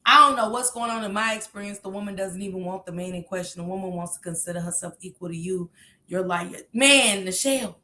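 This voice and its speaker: A woman streamer in a heated, profane, casual rant to her viewers, breaking into shouts. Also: mid-range voice, brisk, echoey room.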